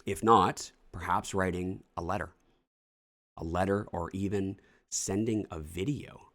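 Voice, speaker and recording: A man's voice: sits low, steady tone, measured pace, fairly bright tone. A man coaching on real estate investing in casual morning-show talk, blunt and swearing freely as he acts out offers to a seller.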